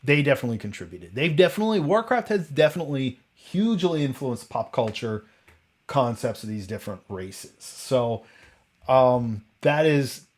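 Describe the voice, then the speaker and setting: A man's voice: medium pitch, lively intonation, moderate pace. Man musing at a midpitch, full of tangents. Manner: rambling, full of tangents and rhetorical questions; frequent restarts and self-corrections. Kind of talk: casual roundtable chat.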